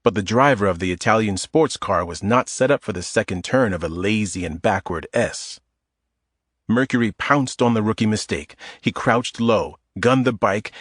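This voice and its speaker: A male audiobook narrator telling the story in a steady, measured voice. His pitch sits on the low side, and the sound is dry and close with no room around it. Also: breathy edge, no room sound. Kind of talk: scripted narration.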